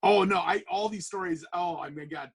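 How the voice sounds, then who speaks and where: A man, a comic book artist and podcast guest, telling a casual anecdote in an animated, profane, rambling way full of fillers. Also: high-pitched, moderate pace, slightly rough.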